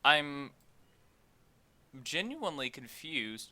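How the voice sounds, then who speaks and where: Working through an unscripted screen-recorded game dev tutorial, this young male host thinks out loud with plenty of fillers. He speaks slowly in a fairly high, sing-song voice that comes across pushed and bright.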